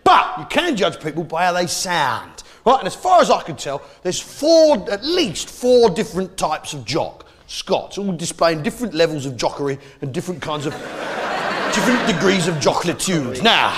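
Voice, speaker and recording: A man's voice: sits high, very animated, moderate pace. A man performing a brash, swearing stand-up routine, teasing the audience. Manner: brash, mocking, swearing, crowd work. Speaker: stand-up comedian. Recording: live stage with loud audience.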